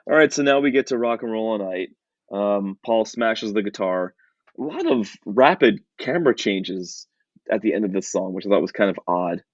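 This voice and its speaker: A man with a fairly low voice co-hosts a casual podcast. He rambles and restarts his sentences, with fillers everywhere. The sound is dry and slightly muffled. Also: lively intonation, moderate pace, no room sound. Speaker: podcast co-host.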